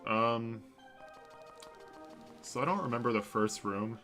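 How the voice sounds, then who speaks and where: A man's voice: medium pitch, takes it slowly, bright, forceful tone, soft background music. A young man streaming a video game, chatting casually and rambling with lots of self-corrections as he talks to his viewers. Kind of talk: casual livestream commentary. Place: home room at a computer. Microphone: desk mic.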